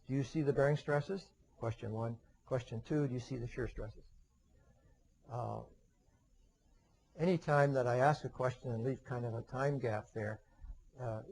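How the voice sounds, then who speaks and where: This man, an engineering lecturer, speaks at a moderate pace in a gravelly, slightly mellow mid-range voice, captured on a low-quality recording. His webinar talk is conversational, with many fillers and restarts, and he frequently poses questions only to answer them himself.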